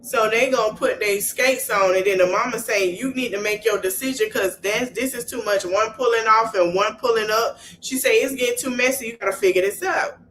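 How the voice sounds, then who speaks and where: A woman podcast host with a slightly high voice gives a casual recap at a brisk clip with few pauses, retelling scenes he-said-she-said style and tossing slangy asides to listeners. Her storytelling is animated, though the recording is low quality with slight background noise.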